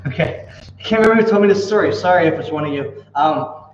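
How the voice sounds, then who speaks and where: A man's voice: on the high side, fast, a little hiss or hum. A man, a pastor, chatting casually and telling a joke with laughs. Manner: chatty storyteller, laughs at his own jokes. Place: church hall. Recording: echoey hall, far from mic, dull.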